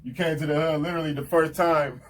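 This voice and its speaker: Emotional rapper giving rambling shout-outs. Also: male voice, on the high side, steady tone, fairly quick, distant mic, a little hiss or hum. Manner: rambling, emotional, repeats "you know what I'm saying". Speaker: rapper hosting his channel's show. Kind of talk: heartfelt casual shout-outs to camera.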